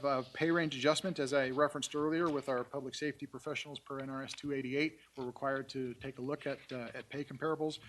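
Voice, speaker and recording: A man's voice: medium pitch, a bit bright, slight background noise. Man presenting at a council meeting. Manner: halting, many fillers and restarts. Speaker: city staff presenter. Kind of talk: formal briefing at a public meeting. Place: council chamber.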